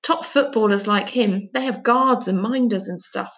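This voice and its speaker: A woman voicing a nosy, eager boy in a storybook reading, teasing and excitable. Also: medium pitch, moderate pace, lightly acted.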